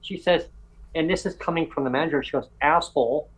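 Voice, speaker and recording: A man's voice: on the high side, fast talker, poor audio. A man hosting a podcast, telling a long story in casual chat and acting out other people's lines in quoted voices. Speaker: podcast host.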